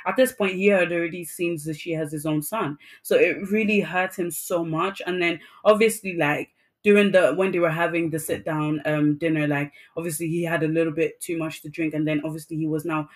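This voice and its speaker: A woman co-hosting a relaxed podcast, recapping a drama she loved. She talks effusively and animatedly, piling up fillers as she tells the story. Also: deep voice, a little fast. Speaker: podcast co-host. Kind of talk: casual chat reviewing a drama.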